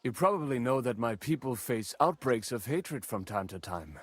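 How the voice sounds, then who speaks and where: A man's voice: medium pitch, animated, normal speed, breathy edge, dry recording. An actor voicing a suspicious, bitter man in a game, who speaks curtly and guardedly. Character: wary, bitter adult male Jewish townsman. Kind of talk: game dialogue.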